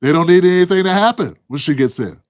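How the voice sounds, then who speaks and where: A man with a notably high-pitched voice delivers fiery political commentary. He preaches more than he chats, stacking rhetorical questions and calling out to a co-host by name. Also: expressive, quick pace.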